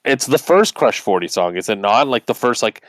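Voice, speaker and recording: A man's voice: mid-range voice, moderate pace, no room sound. Opinionated male podcast co-host, dry sound. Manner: opinionated, animated, lots of "like". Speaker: podcast co-host running the bracket. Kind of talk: casual chat.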